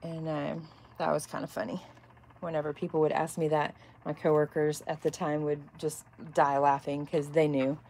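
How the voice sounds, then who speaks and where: Woman, 30s, soft Texas twang, lowish warm voice, casual crafting chatter. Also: flat delivery, normal speed, a little hiss or hum. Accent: Texas, softened. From north central Texas. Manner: chatty, rambling, reacts to chat comments. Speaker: crafter making epoxy cups. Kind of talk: casual chat while crafting.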